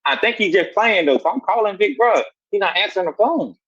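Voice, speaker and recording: A guest from Savannah, Georgia, tells his life story with a Southern accent in a high, slightly rough voice, talking a little fast. Animated and casual, he recounts a street story and acts out the quoted voices, all captured in dull lo-fi sound.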